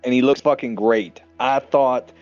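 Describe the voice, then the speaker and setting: A man's voice: mid-range voice, a little slow, darkish tone, muffled recording, faint music behind. A man co-hosting a casual movie podcast, enthusiastic, swearing freely and acting out scenes. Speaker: podcast co-host. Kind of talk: casual movie review chat.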